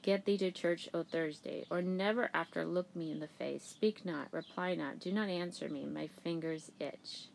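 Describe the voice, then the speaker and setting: A woman's voice: lowish voice, moderate pace, creaky, hardly any pauses, a little hiss or hum, low-quality recording. A woman reading as a stern angry father.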